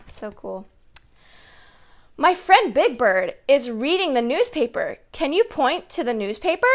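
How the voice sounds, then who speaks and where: Young woman doing kids story time, high bright voice, chatty and upbeat, keeps asking the little ones questions. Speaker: family educator hosting children's story time. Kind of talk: reading picture books to young children.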